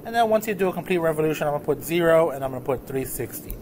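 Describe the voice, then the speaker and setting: A man with a slightly high voice talks through math notes in a loose, casual teaching manner. He keeps checking whether the class is following. A faint hiss sits under his voice. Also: expressive, rapid-fire, a little mellow. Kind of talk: recorded lesson walking through notes.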